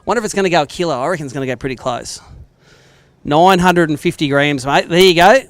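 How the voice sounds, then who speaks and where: A man's voice: on the high side, fast talker, no room sound. An Australian man hosting a live fishing weigh-in outdoors, joking and bantering with the anglers as he reads out the weights. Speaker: tournament weigh-in host. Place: outdoor lakeside weigh-in stage.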